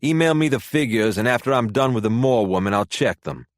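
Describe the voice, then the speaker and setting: A man's voice: mid-range voice, animated, a little fast, no room sound, studio quality, natural voice. A man doing a brusque, bossy man. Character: brusque, commanding male boss.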